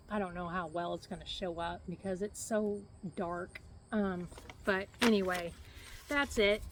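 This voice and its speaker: A woman's voice: medium pitch, slight background noise, low-quality recording. A middle-aged woman vlogging a casual health update, rambling and flustered, with a hacky cough and shortness of breath. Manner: rambling, flustered, many fillers.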